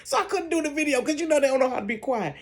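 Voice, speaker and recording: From her bedroom, an older woman tells a dramatic story directly to her viewers. Her voice is high and racing, and her delivery is casual and expressive.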